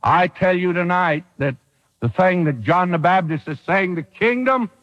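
A man's voice: high voice, normal speed, a bit bright. A man preaching a sermon in a dramatic, folksy way, asking the crowd rhetorical questions, heard on a dull old radio broadcast.

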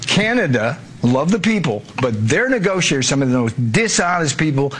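A man speaks in a blunt, combative interview clip. His voice sits a little high, and he restarts his sentences as he presses his point. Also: big pitch swings, moderate pace, a bit bright, slight background noise. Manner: blunt, combative, repeats himself. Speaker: trade official in archival clip.

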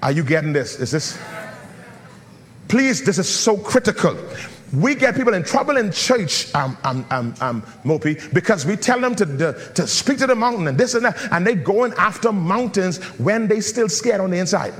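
A man's voice: sits high, sing-song, normal speed, long reverb tail. A man preaching a sermon as pastor, calling on the congregation and breaking into a chanting, sung delivery. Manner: preaching with call-and-response, swinging into a sung chant.

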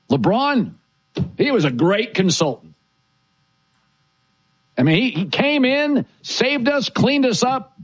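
A man hosting a sports talk show, giving emphatic, opinionated takes in a declarative way. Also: high-pitched.

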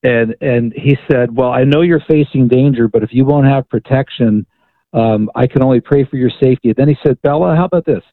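A man tells a long story as a radio guest, stumbling over his words and circling back. His voice sits at an ordinary pitch. It comes through a tinny phone line with no room sound. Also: a little fast, dry recording. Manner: animated storyteller with frequent restarts. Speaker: author and guest.

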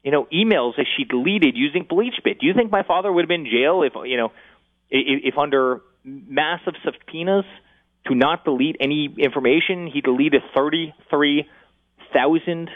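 A man as an interview guest, telling a story in a rapid, animated way with many restarts and fillers. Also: fairly high pitch. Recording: tinny phone line.

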